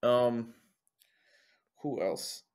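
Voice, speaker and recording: Speaking extremely slowly in a clean, medium-pitched tone, a young singer from New Jersey chats as a guest. His storytelling is animated, laced with swearing, and he acts out other people's remarks.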